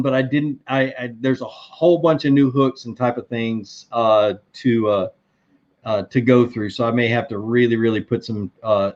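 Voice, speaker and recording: A man's voice: medium pitch, highs cut off. A middle-aged man hosting a live fishing stream, chatting casually and answering viewer questions with many fillers and restarts. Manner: rambling, relaxed, lots of fillers and restarts. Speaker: fishing livestream host.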